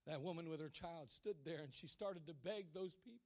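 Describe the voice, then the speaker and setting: A preacher with a high-pitched male voice delivers a sermon as a dramatic story. He drops to a hush for the key lines and then climbs back up to near-shouting. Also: brisk, hardly any pauses.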